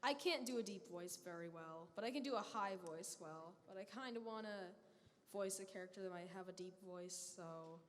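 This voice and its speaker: A woman's voice: on the low side, normal speed. A woman in the audience asking a question hesitantly, searching for her words. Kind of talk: convention Q&A. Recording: long hall reverb, faint noise.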